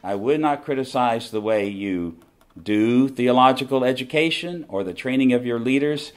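A man's voice: mid-range voice, normal speed. A middle-aged man with a Southern American accent, giving an emphatic preaching talk and repeating his key phrases. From southern United States. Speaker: conference speaker.

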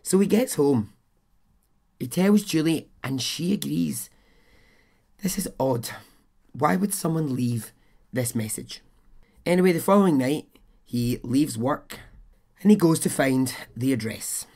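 A man's voice: on the high side, expressive, a little slow, vocal fry, pauses often, a little mellow. A man hosting a podcast, telling a true-crime story in a chatty, blunt way, swearing and adding his own asides. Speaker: podcast host.

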